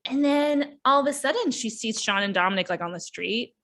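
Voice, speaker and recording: A young woman hosting a casual book-review podcast, animated and quick to act out characters' lines. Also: on the high side. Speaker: podcast host reviewing books. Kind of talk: casual chat.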